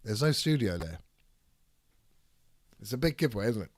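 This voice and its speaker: A man with a raspy voice from a cold, chatting casually on a live stream and reading chat aloud. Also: lowish voice, very animated, moderate pace, no echo, studio quality. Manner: reads chat aloud, rambling and swearing. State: ill with a cold, raspy throat. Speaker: streamer hosting a debate.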